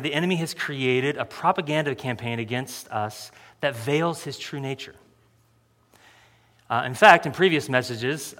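A man's voice: fairly high pitch, a bit bright, big-room sound. A male pastor preaching a sermon in a joking, self-deprecating way, often laughing at his own remarks.

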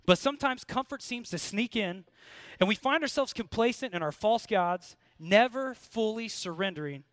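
American male preacher, high voice, close dry sound, earnest storyteller. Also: a bit bright, no room sound. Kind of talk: sermon with personal story.

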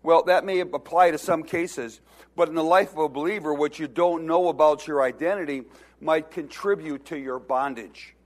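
A pastor delivers a sermon in a fairly high voice at a moderate pace. He exhorts the congregation, has them repeat phrases back, and at times builds to loud emphasis.

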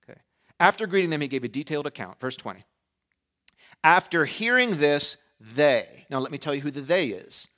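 A middle-aged pastor preaching in a loose, chatty way, with a voice that sits a little high for a man. He slips in sarcastic asides and acts out the people in the story. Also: very animated, moderate pace, bright, forceful tone. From Pennsylvania, USA. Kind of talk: sermon.

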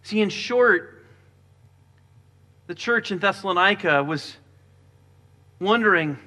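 A man preaching a sermon as pastor, earnest, with quieter stretches when he reads scripture. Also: high voice, animated, takes it slowly, long pauses.

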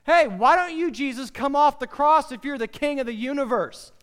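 A preacher acting out a jeering crowd of scoffers, taunting with mocking challenges. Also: male voice, very high voice, normal speed, fairly bright tone, long reverb tail, pitched above the performer's own voice.

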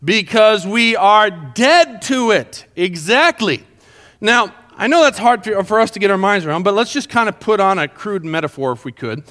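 A man with a high voice teaches a Bible lesson to a small group. His pitch swings widely as he explains the verses. He keeps checking in with his listeners to make sure they are following. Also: fairly bright tone.

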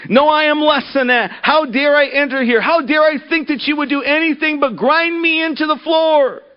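A cringing, groveling man whining high and pitifully, begging forgiveness, as a preacher puts him on. The sound is dull and lo-fi. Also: normal speed. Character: groveling self-abasing man crawling on the floor. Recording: dull lo-fi recording.

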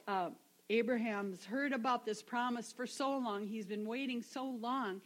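A woman teaching a Bible lesson, animated and acting out the quoted voices as she reads. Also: fairly high pitch, moderate pace, poor audio. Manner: animated, acts out quoted voices with laughs and whispers.

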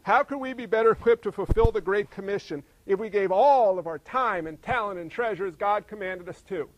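A male pastor preaching a sermon, full of rhetorical questions and swinging between emphatic and hushed delivery. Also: high-pitched, fairly quick, dry recording, highs cut off.

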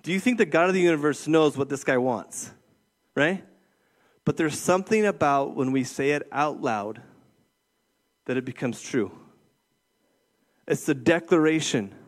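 Middle-aged guy preaching, kinda high voice, keeps saying okay? right? to the room. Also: unhurried, pauses often. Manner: conversational preaching, frequent "okay?" and "right?" check-ins. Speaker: youth pastor. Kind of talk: sermon.

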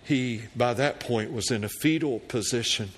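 A man's voice: mid-range voice, husky. A middle-aged man preaching a sermon as a pastor, reading scripture prayers with rising fervor and telling a personal story. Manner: slow, deliberate preaching that rises to fervent loud prayer readings.

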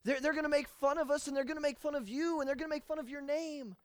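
A man's voice: very high voice, fairly even intonation, fast talker, no echo, studio quality, voice pushed up. A male preacher voicing a distraught ancient general who whines and pleads with God, shifting the blame. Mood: distraught whining. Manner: whiny, pleading, blaming.

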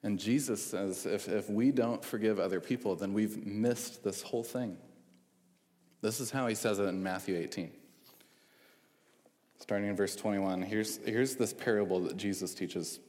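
Male preacher, low register, casual sermon delivery, long hall reverb. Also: moderate pace, a little mellow. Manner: conversational with frequent fillers and restarts.

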